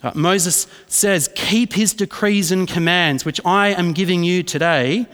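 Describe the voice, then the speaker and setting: A man's voice: high-pitched, unhurried, hardly any pauses, a bit bright, clear, resonant tone. A man, a pastor preaching a sermon in a casual storytelling way, often checking in with "right?". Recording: reverberant hall.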